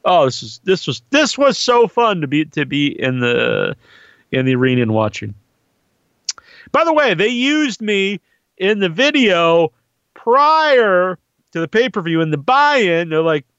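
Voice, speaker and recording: Brief: profane man ranting casually, animated and high-pitched, dead dry sound. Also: normal speed, clear, resonant tone, dry recording, lo-fi sound. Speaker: wrestling commentator. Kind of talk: casual monologue.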